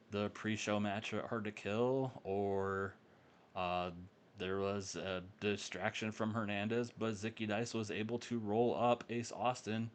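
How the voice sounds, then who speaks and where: A man casually recapping a wrestling simulation playthrough, halting often with ums and uhs. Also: lowish voice, smooth. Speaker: game let's-play narrator.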